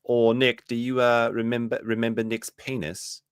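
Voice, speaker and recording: A man hosting a commentary stream, reacting sarcastically to a clip, jumping between loud outbursts and muttered asides. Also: medium pitch, level tone, moderate pace, hardly any pauses, smooth, no room sound, studio quality.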